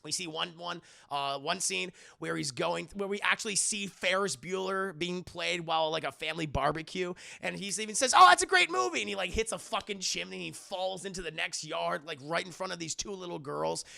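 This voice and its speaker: A man recapping a film on a casual livestream, animated and crude, swearing freely and slipping into voices for the scenes. His voice sits high for a man, gravelly, with a bright and forceful edge. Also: fairly quick, hardly any pauses. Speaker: streamer film reviewer.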